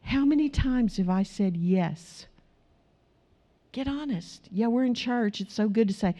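A woman's voice: a little high, lively intonation, unhurried, mellow. A woman preaching a sermon in church, emphatic and asking her congregation rhetorical questions.

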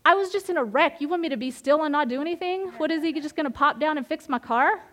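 Lively woman leading Bible study. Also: high-pitched, fast talker. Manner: animated and candid, with frequent laughs and restarts. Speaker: women's Bible study leader. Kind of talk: informal devotional teaching.

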